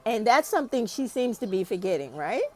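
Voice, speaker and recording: A woman's voice: a little high, very animated, fairly quick. A woman delivering a heated, profane opinion rant as a YouTube commentator. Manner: profane, ranting and emphatic.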